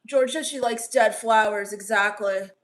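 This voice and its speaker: A woman playing a sullen, scornful goth teen vampire on a comedy live stream, reading chat with deadpan, sarcastic put-downs. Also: mid-range voice, a little slow, lightly acted.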